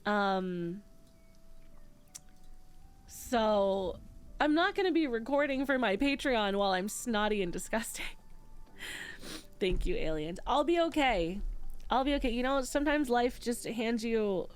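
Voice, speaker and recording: A woman's voice: on the high side, expressive, slow pace, pauses often, clean tone. A woman streamer, nose stuffy after crying, chatting casually and reading out her chat, candid and swearing freely.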